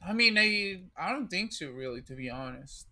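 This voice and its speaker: A woman in her thirties in casual chat, hosting, talking in a halting, hesitant way full of fillers. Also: lowish voice, expressive, bright, forceful tone. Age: 30s. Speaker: host.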